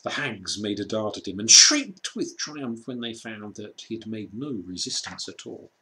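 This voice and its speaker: A man reading a children's storybook aloud, slow and measured with dramatic pauses. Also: fairly low pitch, animated, pushed and bright. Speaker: reader.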